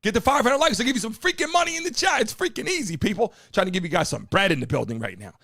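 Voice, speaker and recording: A man hosting a live show from a studio, talking to his chat in a loud, hyped way and swearing freely. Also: high voice, sing-song, quick pace, creaky, no room sound. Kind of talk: energetic live-stream talk to chat.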